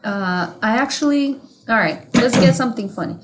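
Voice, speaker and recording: A woman's voice: a little high, normal speed, very noisy. A woman from Mexico whose first language is Spanish, co-hosting a podcast and telling a rambling, profane story with frequent laughter. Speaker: podcast co-host. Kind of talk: casual chat.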